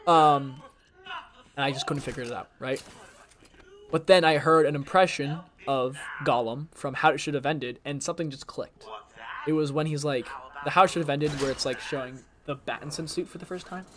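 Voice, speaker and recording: A man's voice: fairly high pitch, moderate pace, crowd noise. A young man giving rambling, self-deprecating commentary while playing, his throat a little strained. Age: young adult. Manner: chatty, self-deprecating, jumps between topics. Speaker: gaming challenge streamer.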